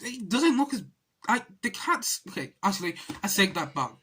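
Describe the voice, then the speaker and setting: A woman talks through a film review in a loose, rambling way. She restarts her sentences often and keeps tipping into exasperated rants. Her voice sits in an ordinary middle pitch. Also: big pitch swings, brisk, sharp tone, breathy edge. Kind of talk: casual spoken film review.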